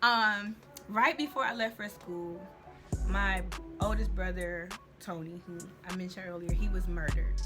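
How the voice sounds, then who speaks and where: A young woman tells a personal story in a candid, slangy, faith-centered vlog. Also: mid-range voice. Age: young adult. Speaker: vlogger. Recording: music playing underneath.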